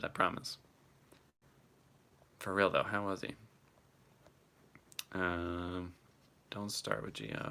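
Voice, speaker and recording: A man's voice: low-pitched, sharp tone, clean tone. A man chatting casually on a live stream and answering his chat, laughing often and swearing freely.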